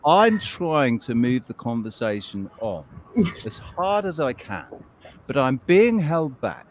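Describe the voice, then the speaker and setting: A man's voice: mid-range voice, very animated, slow pace, a little hiss or hum. A man hosting a casual live stream chat over a video call, jokey and teasing. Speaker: host.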